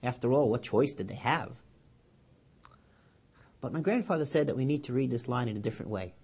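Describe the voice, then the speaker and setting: A man, a rabbi, giving a weekly Torah sermon, telling a story with lively quoted voices and then dropping low and quiet to draw the lesson. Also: fairly quick, slightly rough. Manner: animated storyteller, loud and high when quoting.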